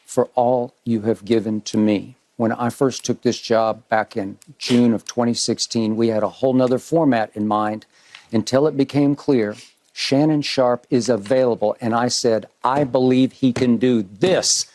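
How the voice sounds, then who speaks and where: A man hosting a sports debate show, giving an earnest, measured on-air tribute with emphatic repetition in a TV studio. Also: mid-range voice, steady tone, darkish tone.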